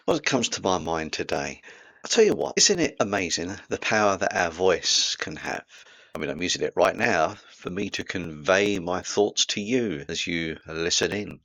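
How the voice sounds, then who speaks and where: A man's voice: low-pitched, animated, moderate pace, a bit bright, no echo. A man with a Cockney accent giving a reflective spiritual talk to camera, musing aloud and leaning on tag questions and asides. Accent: Cockney London. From England. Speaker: spiritual vlogger. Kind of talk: reflective spoken monologue.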